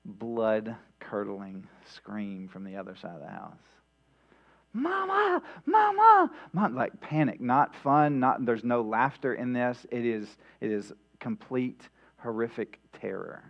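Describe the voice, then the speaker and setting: A man's voice: lowish voice, measured pace, vocal fry, hardly any pauses. Conversational male preacher, lo-fi hum. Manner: conversational, frequent "right?" asides, repeated restarts. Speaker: pastor. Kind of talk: midweek sermon. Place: church. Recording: dull lo-fi sound with mains hum.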